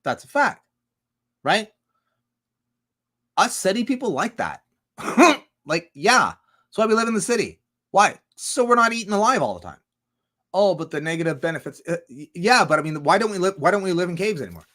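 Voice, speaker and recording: A man's voice: sits high, big pitch swings, normal speed, long pauses, a bit bright. A man rambling through a livestream monologue, swearing a lot and firing off rhetorical questions. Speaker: streamer.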